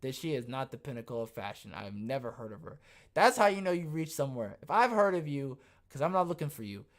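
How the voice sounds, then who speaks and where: A podcast host riffing sarcastically on the news during a live show, animated and quick to laugh. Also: medium pitch. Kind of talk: live news commentary chat.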